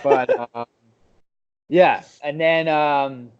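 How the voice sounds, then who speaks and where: A young man co-hosting a podcast, telling a story in a lively way and acting out the people he quotes. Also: a little high, drawn-out words, clear, resonant tone. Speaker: podcast co-host. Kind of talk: casual chat. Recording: dull lo-fi podcast audio.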